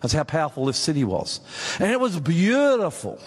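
A man's voice: fairly high pitch, very animated, normal speed, slightly rough, long reverb tail. A man with an Australian accent preaching a sermon, emphatic and chatty, speaking straight to his audience. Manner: emphatic, conversational, addresses audience directly. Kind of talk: sermon on Bible prophecy. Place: meeting hall with audience.

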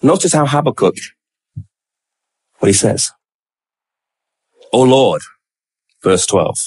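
A high-pitched man preaching a sermon. He voices the prophet's pleading questions with drama, then drops low and slow to stress key words.

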